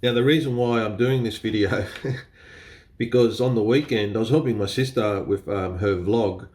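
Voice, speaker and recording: A man's voice: fairly low pitch, moderate pace, darkish tone. A man with an Australian accent chatting casually to camera as a photography vlogger, laughing often and swearing a little. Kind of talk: casual explainer talk to camera.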